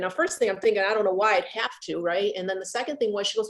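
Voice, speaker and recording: A middle-aged woman, a guest on a video call, talking about grief in an earnest, halting way and repeating herself as she remembers. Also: mid-range voice, steady tone. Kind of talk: heartfelt conversation about grief.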